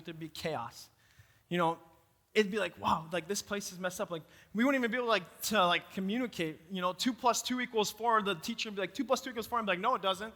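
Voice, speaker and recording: A man with a Minnesota accent preaching a lively youth sermon and talking straight to the room. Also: high-pitched. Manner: energetic, talks to the room directly. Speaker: youth pastor. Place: church youth hall. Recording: long hall reverb.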